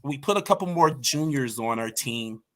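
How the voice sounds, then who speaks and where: On a podcast, a male guest tells passionate, emphatic stories about his martial arts team, speaking with a mid-range voice at a normal speed. He sounds animated, and his tone is fairly bright, in the manner of conversational storytelling.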